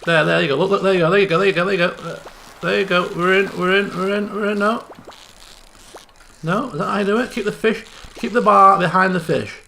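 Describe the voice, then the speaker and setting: A young man giving excitable let's play commentary, chattering and repeating phrases in bursts. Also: sits high, brisk, creaky, a little hiss or hum. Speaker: gaming channel host.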